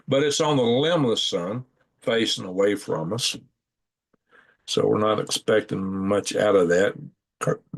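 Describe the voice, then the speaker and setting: A man's voice: lowish voice, creaky, husky. A man hosting a casual live stream, rambling in a folksy way and thinking aloud as he clicks through maps at home at night. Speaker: channel host.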